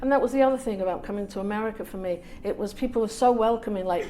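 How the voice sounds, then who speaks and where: A woman from England, an author guest chatting in a lively, storytelling way and laughing often. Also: medium pitch, fast, few pauses, slight background noise. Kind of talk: casual conversation.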